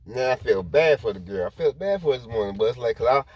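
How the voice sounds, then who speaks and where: A man's voice: medium pitch, expressive, quick pace, breathy edge. A man rambling through a personal story to his viewers in casual talk, repeating himself as he goes. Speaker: vlogger.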